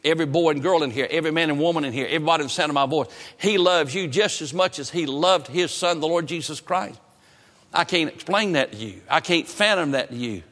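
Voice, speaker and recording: A man's voice: on the high side, quick pace, a bit bright. A man preaching a sermon from the pulpit in an earnest, emphatic cadence with repeated phrases. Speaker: pastor. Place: church sanctuary. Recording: long church reverb.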